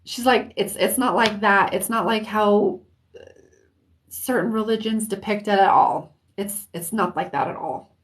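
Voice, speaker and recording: A woman giving an intuitive reading on a live stream, hesitant and searching for words, with soft, comforting reassurance. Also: mid-range voice, a little slow. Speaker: intuitive reader.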